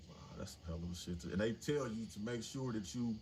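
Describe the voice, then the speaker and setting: A man's voice: on the low side, quick pace, a little mellow. A man in his forties telling a story casually and animatedly on a livestream, swearing freely. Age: 40s. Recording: noisy livestream audio.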